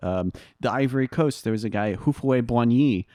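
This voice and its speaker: A man's voice: mid-range voice, moderate pace, warm tone, no echo, studio quality. A man co-hosting a casual history podcast, telling anecdotes and laughing at them. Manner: storytelling, laughs at his own anecdotes. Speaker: podcast co-host.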